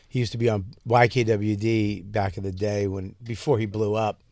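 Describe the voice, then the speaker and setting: A man's voice: lowish voice, level tone, moderate pace, darkish tone, no room sound. A man guesting on a podcast in casual comedic chat, a brash, profane storyteller who laughs often.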